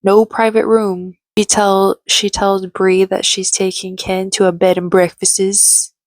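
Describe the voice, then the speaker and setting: A woman's voice: mid-range voice, level tone, slow, dry recording. A young woman recapping a reality show in casual, gossipy, sarcastic chat. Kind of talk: casual chatty commentary.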